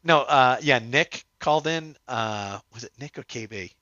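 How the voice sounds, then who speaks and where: Male podcast host in casual chat, bright tense voice, dry close sound but dull and muffled audio. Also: medium pitch, a little slow, dry recording. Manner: animated, laughing, tripping over words.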